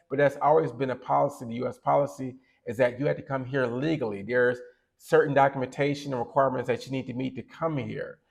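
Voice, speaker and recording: A man's voice: mid-range voice, gravelly. A man co-hosting a podcast, giving opinionated casual commentary that rambles and corrects itself as he goes. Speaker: podcast co-host.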